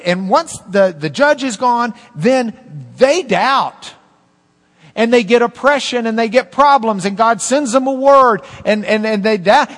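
A man preaching a sermon as pastor, animated, with swings between loud emphasis and hushed asides. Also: very high-pitched, in a large hall.

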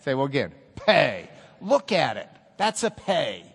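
A man teaching a class, playful and animated, drilling the students and cracking jokes. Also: medium pitch, a little slow, creaky, breathy edge, big-room sound.

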